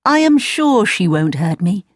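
A woman's voice: mid-range voice, very animated, measured pace, no echo, studio quality. A woman voicing an innocent, trusting young princess in a storybook reading, with a light, raised, girlish delivery.

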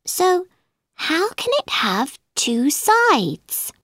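A woman's voice: high voice, wildly swooping pitch, very slow, fairly bright tone, no echo, studio quality, voice pushed up, full character voice. A woman voicing an earnest young girl in a storybook reading, polite but easily annoyed. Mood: puzzled.

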